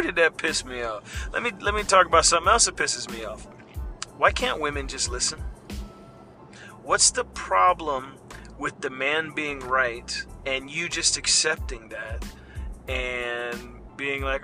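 Middle-aged guy ranting and cussing on his podcast, sharp tense voice, faint music behind. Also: on the high side, a little slow. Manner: profane, heated ranting. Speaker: podcast host. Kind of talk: ranting monologue.

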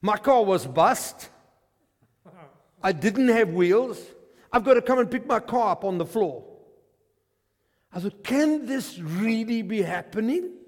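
A man with a South African accent preaching a testimony sermon, an animated storyteller who swings from hushed to shouting. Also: sits high, takes it slowly, pauses often, big-room sound. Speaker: pastor. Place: church.

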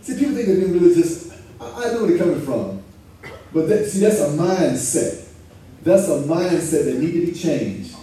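Pastor, male, high but mellow tone, easygoing preaching, picked up from afar in a roomy church. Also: expressive. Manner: conversational preaching, reads scripture slowly. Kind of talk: sermon. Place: church sanctuary. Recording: echoey room from far off, faint ambience.

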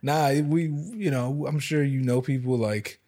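A man's voice: medium pitch, steady tone, unhurried, warm tone. A man in his thirties hosting a casual chat, telling stories in a laid-back, slangy, profane way. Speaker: podcast host.

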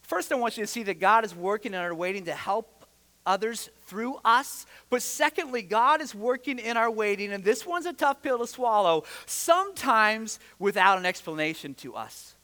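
A male pastor preaching a sermon, telling the story with lively, animated delivery and acting out the characters' lines. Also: high voice, normal speed. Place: church sanctuary. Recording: church hall with long reverb.

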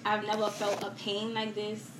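A young woman as a guest, telling a personal loss in a soft, halting way with many fillers and repetitions, in a roomy, noisy recording. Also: mid-range voice. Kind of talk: emotional personal story in a podcast chat. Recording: roomy echo with steady background noise.

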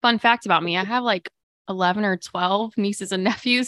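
Woman, upbeat live-stream host, smooth clear voice, dry close sound. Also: medium pitch, a little fast, a bit bright, dry recording. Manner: chatty, upbeat, lots of fillers. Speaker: livestream podcast host. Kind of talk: casual live chat with viewers.

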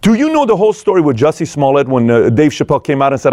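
Male storyteller, lively and expressive, fairly high voice, dry recording. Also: very fast, hardly any pauses, dry recording. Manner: energetic, acts out dialogue, swings between loud and low. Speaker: speaker retelling a film and business lessons. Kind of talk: animated storytelling talk.

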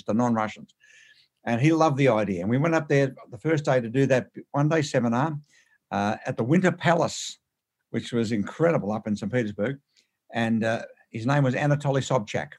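A man, a guest in an interview, telling anecdotes in an emphatic way, often repeating words and restarting phrases. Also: medium pitch. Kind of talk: animated anecdotal storytelling.

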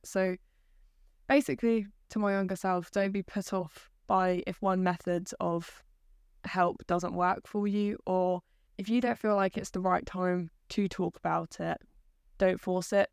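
A young woman at university, speaking thoughtfully and haltingly in a casual podcast chat. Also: fairly low pitch, fairly even intonation, gravelly, clear, resonant tone, no room sound, clean studio sound. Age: young adult. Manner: halting, thoughtful, pauses mid-sentence. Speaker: university student guest.

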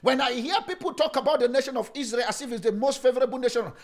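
A man preaching as pastor, emphatic, with sing-song phrasing, at times dropping into slow, hushed lines. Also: extremely high pitch. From Africa. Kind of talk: sermon.

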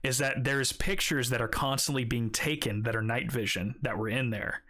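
A man's voice: mid-range voice, steady tone, normal speed, bright, forceful tone. A young man casually telling a story, swearing often and rambling with many fillers. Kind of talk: casual chat.

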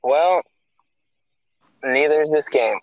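A man's voice: fairly high pitch, slow pace, no room sound, dull audio. A young man co-hosting a podcast in casual chat, firing back teasing, matter-of-fact comebacks. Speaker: podcast co-host.

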